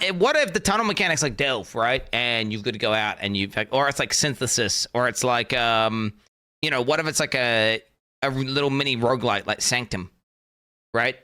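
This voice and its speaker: A man's voice: medium pitch, bright, forceful tone. A young man streaming live, reacting to a game announcement, thinking aloud, repeating himself and swearing casually.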